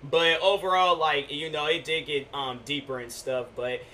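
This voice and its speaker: A man in his twenties casually telling stories on his own podcast, slangy and relaxed, acting out the exchanges he describes. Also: normal speed, a little hiss or hum. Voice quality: deep voice. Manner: laid-back slangy storytelling, acts out quoted exchanges. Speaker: podcast host. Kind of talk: casual storytelling monologue. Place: home, at a laptop.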